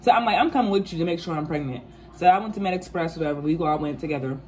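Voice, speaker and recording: A woman in her twenties telling a casual storytime, animated and profane, acting out quotes. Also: deep voice, very fast, slight background noise. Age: 20s. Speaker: vlogger.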